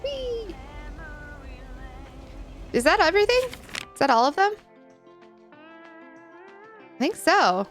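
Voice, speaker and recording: A woman's voice: high-pitched, very animated, a little slow, pauses often, fairly bright tone, faint music behind. A woman live-streaming a video game in casual chat, reading and answering her viewers and giggling often.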